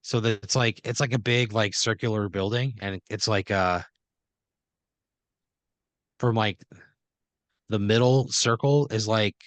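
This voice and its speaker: A man's voice: on the low side, measured pace, long pauses, no room sound. A man hosting a comedy podcast, telling an improvised story in a rambling way full of "like" and "you know". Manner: rambling, filler-heavy scene-setting with acted-out quotes. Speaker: podcast host.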